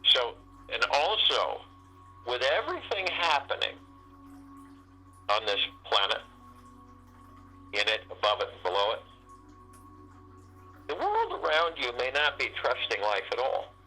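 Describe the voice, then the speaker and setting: A man hosting a group meditation call, giving a spiritual teaching talk in a halting, repetitive way that keeps circling back to key phrases. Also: medium pitch, huge pitch swings, bright, forceful tone, low-quality recording. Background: faint meditation music.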